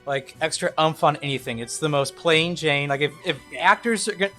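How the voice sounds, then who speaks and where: A man from Indiana with a slightly high voice, talking in an animated, joking way and cursing freely as a podcast host. Faint music sits under his voice. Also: fairly quick. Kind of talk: casual chat.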